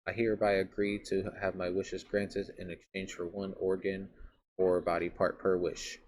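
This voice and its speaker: A man reading a horror visual novel aloud, dramatic, with sudden loud outbursts and rambling asides. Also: low voice, flat delivery, moderate pace, slight background noise. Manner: dramatic, blurts out loud swearing, trails off into asides. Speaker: gaming YouTuber.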